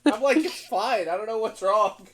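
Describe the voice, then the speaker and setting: A man in casual group chat on a voice call, talking in quick animated bursts. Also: high voice, a crowd in the background. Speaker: stream co-host.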